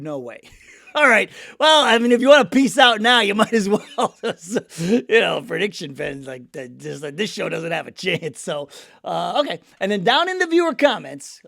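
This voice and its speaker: A middle-aged man with a high, very animated voice hosts a casual sports chat while a little sick. He rambles and jokes at his own expense. The recording is dry and close. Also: creaky, no echo. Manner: jokey, rambling, laughs at himself. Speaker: sports podcast host.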